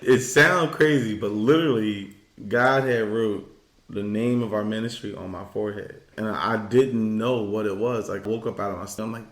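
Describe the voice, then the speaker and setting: A man's voice: on the low side, normal speed, roomy sound. A man co-hosting a faith-based podcast, talking in an emphatic, preachy way. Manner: preachy, emphatic, acts out quoted voices. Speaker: podcast co-host. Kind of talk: casual faith-based chat.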